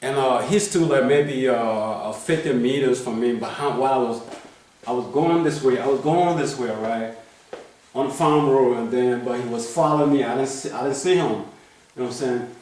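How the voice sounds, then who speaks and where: A man's voice: medium pitch, normal speed, darkish tone, a little hiss or hum. A man in his fifties talks casually about his life, circling back, restarting sentences and tagging questions onto the end of his thoughts. He sits well away from the microphone. The room around him rings with heavy echo. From Liberia. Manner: rambling, many restarts, keeps asking "you know what I'm saying". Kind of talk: casual life-story telling. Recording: very echoey room, mic far off.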